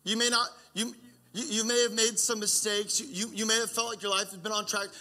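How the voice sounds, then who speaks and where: Young guy pastor preaching, earnest chatty sermon, keeps restarting his sentences, really bright sharp voice. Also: sits high, flat delivery, fairly quick.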